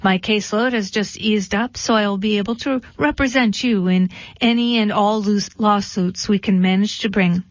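A woman's voice: mid-range voice, steady tone, normal speed, no echo, close to an everyday voice. Woman doing a slick, scheming fox lawyer. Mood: smooth. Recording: dull dry lo-fi recording.

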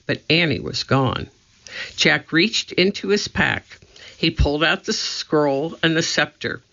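A narrator reading a children's chapter book aloud in a slow, deliberate way. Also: mid-range voice, expressive, gravelly, bright, forceful tone. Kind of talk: storybook reading. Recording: muffled lo-fi recording.

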